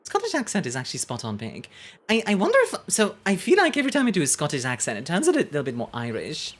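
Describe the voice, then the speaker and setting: A woman's voice: low-pitched, huge pitch swings, quick pace, husky. A young woman streaming a game, chatting playfully with her viewers, laughing often and rambling off on asides. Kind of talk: casual live-stream game commentary.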